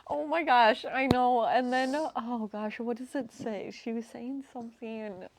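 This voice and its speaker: A woman's voice: a little high, fairly even intonation, measured pace. A woman co-hosting a casual book podcast, laughing and exclaiming as she recaps chapters. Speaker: podcast co-host. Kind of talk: casual book club chat.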